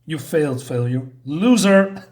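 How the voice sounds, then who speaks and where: A man's voice: a little high, expressive, unhurried, a little mellow. A man voicing mocking ghostly parents who taunt their grown son, in a sneering, taunting voice.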